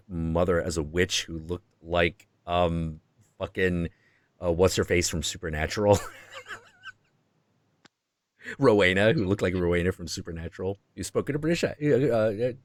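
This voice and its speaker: A man hosting a stream who tells a story in a profane, excitable way and acts out the quotes. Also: low-pitched, no room sound. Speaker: host.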